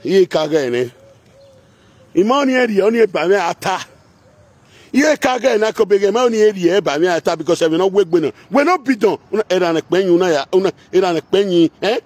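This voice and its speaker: Man, Edo Pidgin accent, high-pitched, husky, confrontational, chanting rant. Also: expressive, quick pace, a little mellow, no room sound. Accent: Nigerian Pidgin, Edo. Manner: confrontational, chanting, singsong repetitions. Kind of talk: heated rant mixing chant and speech.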